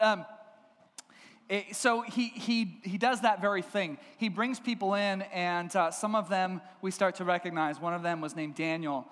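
Pastor guy with a high voice, playful storytelling sermon, big echoey church. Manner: lively, humorous storytelling. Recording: long hall reverb.

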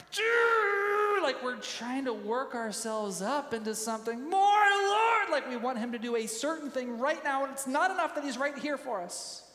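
A man with a high voice preaches a sermon in a big, echoing hall, and faint room ambience sits behind him. He talks in an animated way and breaks into sudden loud bursts when he acts out quoted voices. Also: slight background noise. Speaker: pastor.

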